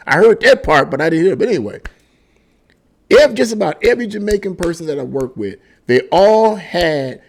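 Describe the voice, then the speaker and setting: A middle-aged man giving a casual opinion monologue, emphatic and rambling, often restarting and repeating words. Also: fairly high pitch. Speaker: political commentary vlogger.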